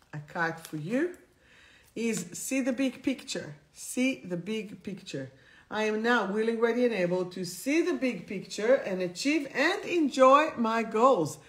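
A woman hosting a live stream, reading affirmation cards to viewers and repeating them, often laughing. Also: mid-range voice.

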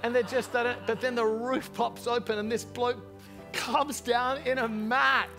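A man preaching a sermon as pastor to a large church congregation, impassioned and animated in his storytelling. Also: very high voice, measured pace, faint music behind.

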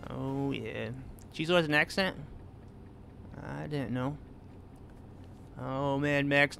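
A man's voice: medium pitch, steady tone, unhurried, gravelly, pauses often, fairly bright tone, slight background noise. A man casually chatting with his viewers while he plays a truck-driving game, reading their messages and answering them by name. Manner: laid-back, reads chat aloud and answers viewers. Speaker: gaming streamer. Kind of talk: casual live-stream chat while driving.

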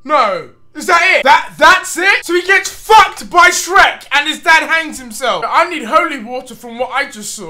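A young man hosting a reaction video, excitable and loud, with shouted outbursts and swearing. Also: very high-pitched, moderate pace, hardly any pauses.

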